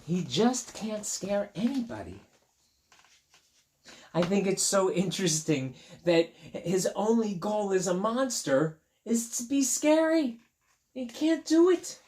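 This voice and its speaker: A man reads a picture book aloud to young children, pausing for friendly asides and counting details on the page. His pitch leaps around expressively, and he takes his time. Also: a little hiss or hum. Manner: chatty, talks straight to young listeners; playful asides and counting along. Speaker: teacher reading to children.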